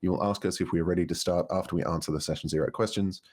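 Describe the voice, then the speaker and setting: Deep, husky man co-hosting a stream. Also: steady tone, rapid-fire, a little mellow. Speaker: livestream co-host. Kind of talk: casual livestream chat.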